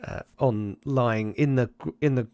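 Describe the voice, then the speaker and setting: A man's voice: medium pitch, steady tone, unhurried, warm tone, clean tone, no echo. A man running a tabletop game as game master, narrating loosely and acting out side characters as he goes.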